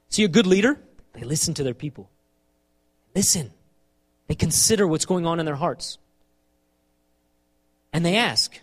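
A man preaching a sermon, animated and emphatic, repeating phrases for effect. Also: sits high, a little fast, pauses often. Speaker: pastor.

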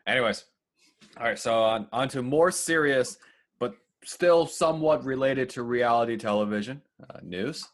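A man's voice: mid-range voice, moderate pace. A man co-hosting a podcast, running through the news in a casual chat with fillers and asides. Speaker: podcast co-host.

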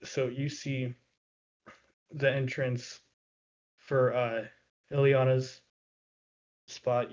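A man narrating as game master of a tabletop game, in a measured way with many filler pauses. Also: medium pitch, a little mellow, highs cut off.

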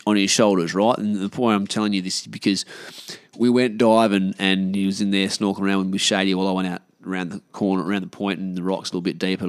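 A man's voice: low voice, no echo, clean studio sound. A man with an Australian accent telling a rambling, casual story, laid-back and full of swearing.

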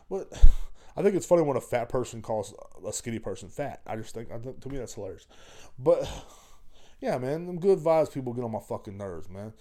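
A man's voice: mid-range voice, sing-song, fairly quick, warm tone. A man hosting a podcast, talking in a rambling, blunt and heavily profane way. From Texas. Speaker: podcast host. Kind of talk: casual solo podcast rant.

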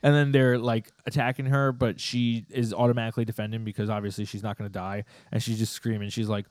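A man co-hosting a podcast in casual chat, retelling a story in an animated way with lots of "like". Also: on the low side, fast, hardly any pauses, dry recording, studio quality. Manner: animated plot retelling, frequent "like" and laughter. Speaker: podcast co-host.

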